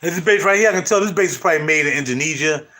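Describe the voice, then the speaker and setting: A middle-aged man hosting his channel, chatting casually to viewers in loud, animated, slangy street talk. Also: on the high side, racing. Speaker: channel host.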